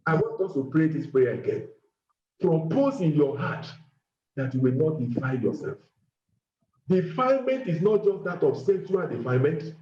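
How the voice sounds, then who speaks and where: A man preaching and leading a fervent, repetitive prayer, sometimes breaking into shouting and speaking in tongues. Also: fairly high pitch. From Nigeria. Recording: echoey, dull lo-fi room recording.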